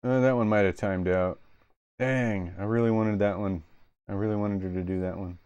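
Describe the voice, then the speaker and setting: A man's voice: fairly low pitch, steady tone, moderate pace, darkish tone, clean tone, dry recording, clean studio sound. Rambling man streaming live. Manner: loose, rambling, trails off. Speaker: streamer host. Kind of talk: casual live stream chat.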